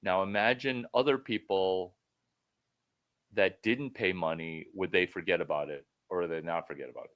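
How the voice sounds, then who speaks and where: A man with a fairly low voice talks through a one-on-one coaching call. He is blunt and swears freely. He rambles, then jumps into sudden loud bursts. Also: moderate pace. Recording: phone call.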